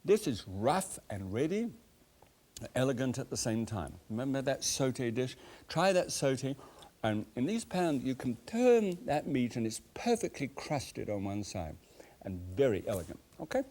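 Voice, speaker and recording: An older man from England with an English accent, hosting a cooking show in a chatty, animated way, tasting food as he talks. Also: mid-range voice, moderate pace. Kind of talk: cooking demonstration chat.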